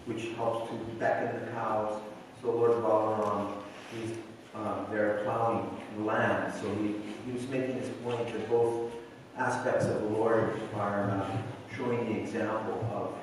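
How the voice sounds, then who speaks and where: A man explains scripture in a measured way, pausing on fillers, with a low voice that stays level. He is far from the microphone in a large hall with a heavy echo, and the room noise behind him is clearly audible. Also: little pitch movement. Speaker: speaker in a scripture class. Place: temple hall. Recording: distant voice in a reverberant hall.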